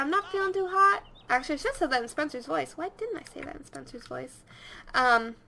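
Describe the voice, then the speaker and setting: High-voiced chatty young woman gamer. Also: fast talker, creaky, pushed and bright, slight background noise. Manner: chatty, rambling, talks to her game characters. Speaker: let's play host. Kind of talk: casual gameplay commentary.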